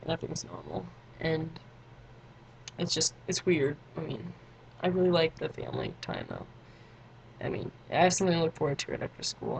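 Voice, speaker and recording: A woman's voice: sits low, gravelly, a little hiss or hum, low-quality recording. A teenage girl vlogging in a rambling, chatty way, full of fillers and side notes. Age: teens. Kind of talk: casual chat to camera.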